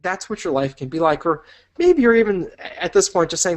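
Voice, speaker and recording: A man's voice: sits high, sing-song, normal speed. Man walking the listener through a dream. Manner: paints vivid imagined scenes for the listener; upbeat and encouraging. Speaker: business instructor. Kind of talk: motivational teaching talk.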